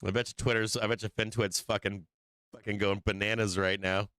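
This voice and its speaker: Man, live market commentary, excitable, laughs a lot, smooth clear voice, dry close sound. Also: lowish voice, brisk, no echo. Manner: excitable, laughing often, swearing, teasing chat. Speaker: stock market livestream host.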